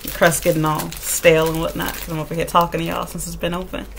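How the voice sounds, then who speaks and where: A woman's voice: fairly low pitch, level tone, fast talker, vocal fry, fairly bright tone, slight background noise. A woman, a kindergarten teacher, venting in casual chat to her viewers. She tells the story bluntly and with a lot of swearing, acting out what other people said. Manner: blunt, profane, sassy storytelling; acts out quoted dialogue.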